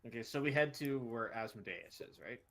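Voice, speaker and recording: A man's voice: mid-range voice, expressive, a little fast, creaky. A man playing a tabletop game, speaking casually and a little stumbling. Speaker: player. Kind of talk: casual chat and in-character play.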